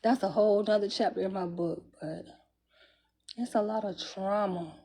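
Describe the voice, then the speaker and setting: Warm-voiced woman telling a story. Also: mid-range voice, fairly even intonation, normal speed, slightly rough. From Jacksonville, Florida, US. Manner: candid, conversational, swears freely, chuckles between phrases. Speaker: vlogger. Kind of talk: personal storytelling monologue.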